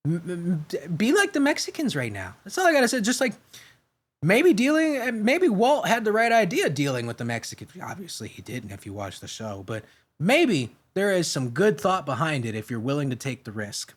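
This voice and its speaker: An American podcast host reads news articles aloud and adds sarcastic, profane comic remarks, frequently tripping over names. He speaks at normal speed in a high-pitched, sing-song voice.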